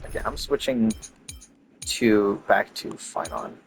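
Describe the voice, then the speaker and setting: A man's voice: lowish voice, sing-song, takes it slowly, gravelly, soft background music. A man with a Southern US accent giving casual gameplay commentary, irritable and swearing. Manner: irritable, swears and laughs at himself. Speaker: streamer.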